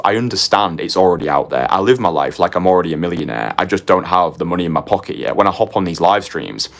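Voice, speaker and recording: Deep-voiced young man coaching with punch. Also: vocal fry. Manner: punchy, confessional, tags lines with "right?" and "yeah?", swears casually. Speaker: dating coach. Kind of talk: motivational course lecture.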